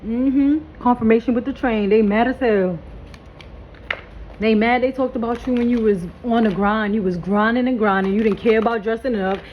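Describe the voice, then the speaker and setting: A woman's voice: a little high, fairly even intonation, moderate pace, lo-fi sound, a little hiss or hum. A woman doing a casual spiritual reading vlog, hyped and blunt, talking in slang and swearing freely. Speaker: tarot reader.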